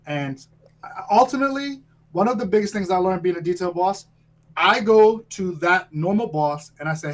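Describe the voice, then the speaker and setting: A man explaining how he trains firefighters, speaking in a casual interview. He talks directly and emphatically, tagging his points with quick "right?" checks. His voice sits a little high for a man. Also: expressive, rough recording. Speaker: fire training instructor, guest.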